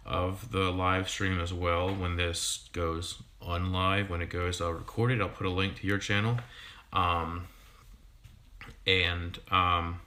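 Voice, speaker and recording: Deep, flat-voiced man rambling on a livestream. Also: a little hiss or hum. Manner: halting, full of ums and restarts. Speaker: fishkeeping YouTuber and sixth-grade teacher. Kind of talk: casual livestream chat.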